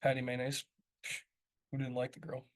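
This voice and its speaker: A male podcast co-host in loud, joking, casual chat, swearing freely. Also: mid-range voice, completely flat delivery, moderate pace.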